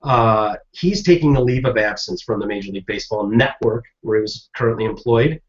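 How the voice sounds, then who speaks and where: A man's voice: lowish voice, a little fast. Teasing male podcast co-host. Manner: dry teasing humor, playful sarcasm. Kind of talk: casual chat, news recap. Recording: dull lo-fi podcast audio.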